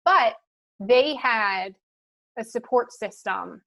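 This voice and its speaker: A woman's voice: a little high, expressive, slow pace, vocal fry, sharp tone. A woman from the Philadelphia suburbs with a light Philadelphia accent, chatting as a podcast guest and thinking aloud with many fillers. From Philadelphia suburbs, USA. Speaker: guest, marketing leader. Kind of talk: casual podcast conversation.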